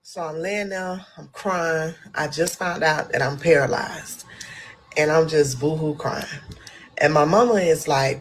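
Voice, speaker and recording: A woman's voice: low-pitched, measured pace. Woman telling a candid personal story. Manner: candid, animated storytelling with vivid retelling. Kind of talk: storytime monologue.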